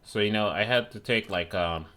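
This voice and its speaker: A man's voice: on the low side, moderate pace, pushed and bright. A young man streaming a video game, chatting in a rambling, profane, sarcastic way. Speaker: gaming streamer. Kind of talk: casual chat while gaming.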